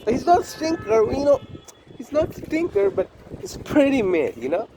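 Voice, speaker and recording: Man with a high voice, faint hiss behind. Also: huge pitch swings, a little slow, vocal fry. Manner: blunt, profane, repetitive. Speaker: combat sports commentator. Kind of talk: casual opinion monologue.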